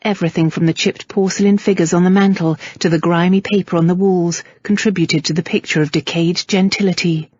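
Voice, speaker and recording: A woman narrating a historical romance audiobook in a measured, even storytelling manner. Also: lowish voice, slightly rough, dry recording, muffled recording. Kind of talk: scripted narration.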